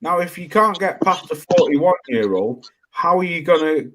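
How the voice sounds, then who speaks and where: A man's voice: a little high, lively intonation, moderate pace, fairly bright tone, slight background noise. A man co-hosting a boxing talk show, pushing hard to finish his points in a heated casual debate. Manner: talks over others, insists on finishing. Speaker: podcast co-host.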